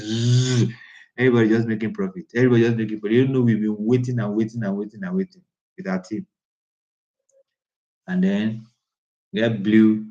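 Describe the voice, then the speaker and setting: A man's voice: fairly low pitch, darkish tone, muffled recording. A man who coaches traders in a casual live class, talking in an emphatic, repetitive, preachy way. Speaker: trading coach.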